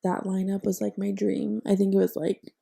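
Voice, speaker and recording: A woman's voice: mid-range voice, level tone, moderate pace, vocal fry, dark tone, slightly rough. A young woman co-hosting a podcast, chatting casually with lots of "like" fillers and casual swearing. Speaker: podcast co-host. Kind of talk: casual chat.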